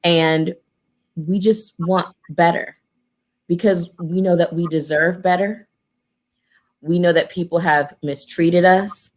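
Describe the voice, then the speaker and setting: A woman with a lowish voice gives heartfelt panel remarks. She is earnest and emphatic, and she stacks repeated phrases for weight. She speaks to the group casually and directly. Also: fairly even intonation, slow pace, pauses often. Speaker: community organizer and former political candidate.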